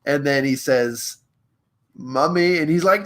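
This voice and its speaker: Energetic man hosting a live stream. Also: medium pitch, normal speed. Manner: energetic, playful, reads aloud from a book and retells movie scenes. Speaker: host of a live social media show. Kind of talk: enthusiastic live-stream coaching talk.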